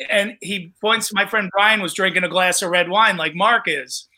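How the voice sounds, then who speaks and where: A man's voice: high-pitched, normal speed. A man, a comedian and show host, telling a story in casual podcast talk and acting out the voices of the people in it. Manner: animated storyteller, acts out quoted voices.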